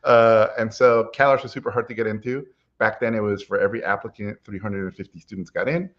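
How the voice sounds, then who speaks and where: A middle-aged man telling a personal story in a lively way, acting out what people said to him, with frequent "uh"s. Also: on the low side, quick pace, highs cut off. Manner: lively anecdotal, acts out quotes, frequent "uh". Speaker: animation guest speaker.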